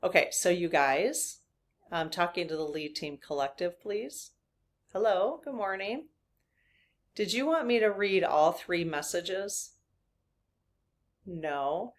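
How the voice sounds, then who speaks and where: A chatty woman in her fifties with a slightly low voice talks casually to her viewers as a spiritual reader. She rambles into side stories and laughs often. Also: slow pace, pauses often.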